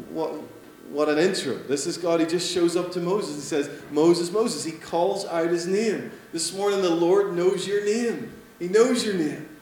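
A man preaching a sermon, animated, swinging between loud emphatic lines and soft hushed ones. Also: sits high. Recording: echoey room with faint hum.

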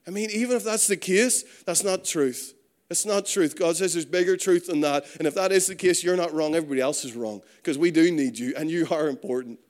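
A man preaching a conversational sermon, letting his voice drop low and quiet on key points. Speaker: pastor.

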